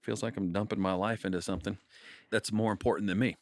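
A man in his thirties telling family stories in a casual interview, animated and full of jokes. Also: fairly low pitch, fast talker, no room sound, studio quality. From Kansas, United States. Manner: animated, jokey storyteller. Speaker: singer-songwriter guest.

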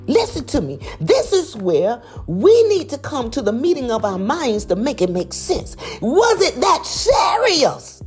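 A woman giving a preachy motivational talk, emphatic and full of rhetorical questions, swinging from loud high exclamations to low quiet asides. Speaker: motivational speaker.

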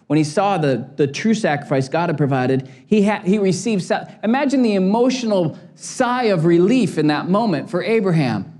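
A man in his forties, a pastor, preaches a sermon with passion, weaving in humorous stories. His voice sits high and expressive with a darkish tone, moving at a moderate pace with few pauses.

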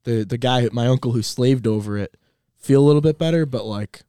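A man's voice: medium pitch, brisk, warm tone, clean tone, no echo, studio quality. A young man, a college student, chatting casually on a podcast, laid-back and laughing often. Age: young adult. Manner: laid-back, laughs often, loose filler-heavy phrasing. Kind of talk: casual chat.

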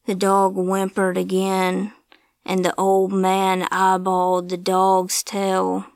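A woman narrating a scripted ghost story in a slow, measured storytelling manner, sometimes dropping to a hush. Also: medium pitch, completely flat delivery, gravelly, clear, resonant tone, no echo.

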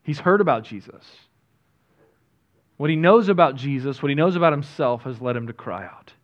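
On a muffled recording, a pastor delivers a sermon in a conversational, self-deprecating manner, shifting between quiet and energetic stretches. His voice is mid-range and his pace moderate.

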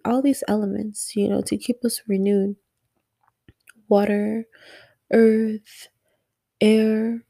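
A sleepy young woman musing softly and rambling in a late-night personal audio diary about being a mother. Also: mid-range voice, dry recording. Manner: slow, rambling, soft-spoken, yawning.

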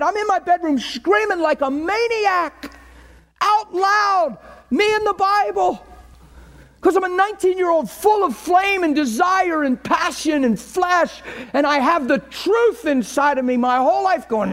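Middle-aged male pastor with a very high voice; impassioned sermon delivery. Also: expressive, measured pace. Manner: impassioned, swings from quiet to shouting.

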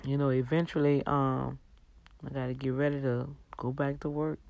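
A woman's voice: extremely low pitch, level tone, gravelly, a little mellow. A woman hosting a casual faith talk on a livestream, earnest and preacher-like, a little tired and yawning. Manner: earnest, exhorting, preacher-like, drawn-out emphasis. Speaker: livestream host.

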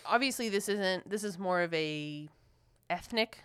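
A woman from Philadelphia co-hosting a marriage podcast, telling a story in an animated way and acting out what people said. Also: on the low side, a little slow, clean tone. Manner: animated, quotes people in lively voices. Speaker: podcast co-host. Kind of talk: casual storytelling chat.

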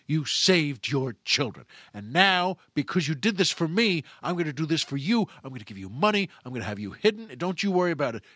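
A man's voice: sits high, fairly bright tone, dry recording. Man voicing a crime boss, threatening, bossy, commanding, close dry sound. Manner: threatening, bullying, pushy commands. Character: menacing male crime boss on the phone.

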